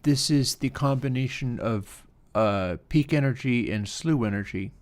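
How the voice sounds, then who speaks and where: A man's voice: medium pitch, unhurried. A man hosting a livestream, giving casual, musing technical commentary while he edits audio. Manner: relaxed, musing, talks while working. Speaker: livestream host.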